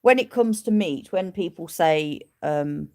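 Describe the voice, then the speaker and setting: A woman's voice: on the low side, animated, a little slow, warm tone. A woman keeping sheep, chatting casually on a livestream, answering viewer questions and cooing at her animals. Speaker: sheep keeper and livestream host.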